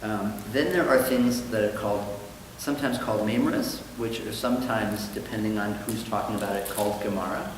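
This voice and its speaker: A man's voice: lowish voice, a little fast, hardly any pauses, noisy background. A man teaching a synagogue study class, explaining texts in a conversational way with ums. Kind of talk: lecture with storytelling. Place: synagogue hall. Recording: echoey hall with long reverb.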